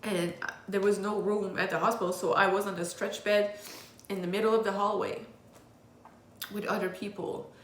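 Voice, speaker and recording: A woman's voice: medium pitch, fairly even intonation, moderate pace, a little hiss or hum. A woman telling her own hard life story in a candid, raw way, with blunt swearing, as a confessional vlog. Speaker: vlogger. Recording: roomy echo.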